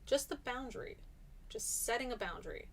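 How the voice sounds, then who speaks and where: A woman's voice: on the high side, animated, brisk, gravelly, a bit bright. Chatty woman teaching a live-streamed class. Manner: chatty, encouraging, reads out student answers.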